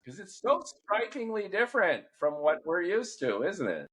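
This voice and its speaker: A middle-aged man hosting a podcast, asking long, thoughtful questions at a measured pace. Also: high voice, sing-song. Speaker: podcast host. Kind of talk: interview questions and commentary.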